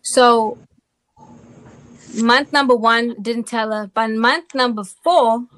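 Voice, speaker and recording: A woman from South Africa, an interview guest telling her personal testimony in an animated way and often checking in with the listener. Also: fairly high pitch, takes it slowly.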